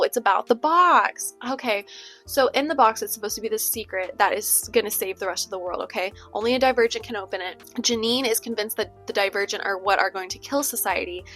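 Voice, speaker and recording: A woman's voice: mid-range voice, a bit bright. A woman talking casually in a book vlog, chatty, with many fillers and asides like "okay?". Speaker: book vlogger. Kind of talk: casual chat. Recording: faint music under the voice.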